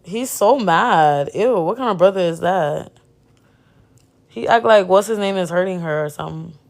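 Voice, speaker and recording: A woman's voice: fairly low pitch, moderate pace, gravelly. A young woman streamer reading a story game aloud and making blunt, chatty asides to her viewers.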